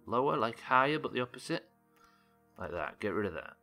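A man's voice: medium pitch, big pitch swings, fairly quick, pushed and bright, faint music behind. A British man streaming a game live, chatting with his viewers and muttering to himself while he builds. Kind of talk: live gameplay streaming, reading chat.

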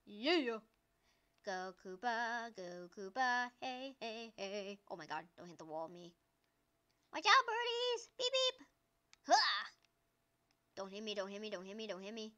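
A young woman hosting her gaming channel, giving excited gameplay commentary, squealing and cheering at the screen. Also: mid-range voice, a little slow.

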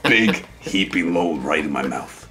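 A man's voice: low voice, lively intonation, a little slow, pushed and bright, faint music behind. A man co-hosting a let's play, rambling through absurd swearing tall tales and laughing. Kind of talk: comedic storytelling while gaming.

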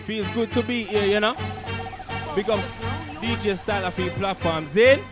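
A man, performing dancehall live on a festival stage, chanting rhythmic lyrics between hype shout-outs. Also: sits high, normal speed. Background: dancehall music.

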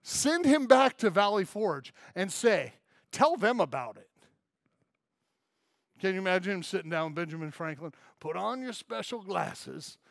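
A man preaching a sermon as pastor, telling stories in an animated way and acting out the voices of puzzled listeners. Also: high voice, normal speed, pauses often, dry recording, studio quality.

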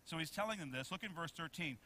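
A man preaching a sermon who often asks the congregation to answer, swinging between loud emphasis and soft low asides. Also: lively intonation, quick pace. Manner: preaching with many questions to the congregation. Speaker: pastor.

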